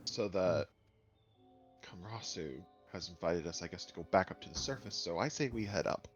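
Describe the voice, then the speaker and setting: A man's voice: deep voice, moderate pace, highs cut off, soft background music. A man playing a tabletop game, talking hesitantly with lots of fillers. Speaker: player.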